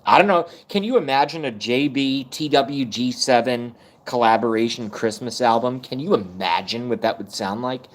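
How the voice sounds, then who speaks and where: A man's voice: mid-range voice, moderate pace, few pauses. A man in his thirties ranting on a live stream, rambling and self-mocking, swearing often. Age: 30s. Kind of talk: casual rant on a live stream.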